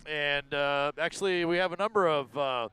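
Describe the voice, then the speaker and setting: A man's voice: a little high, moderate pace, pushed and bright, clear, resonant tone. A man co-commentating a live event, easygoing and adding details. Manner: easygoing, adds details and agrees.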